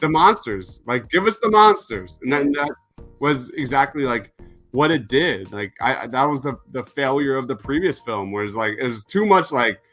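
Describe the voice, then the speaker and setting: A man co-hosting a casual chat, animated and enthusiastic, riffing freely. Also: mid-range voice, moderate pace, faint music behind. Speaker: co-host.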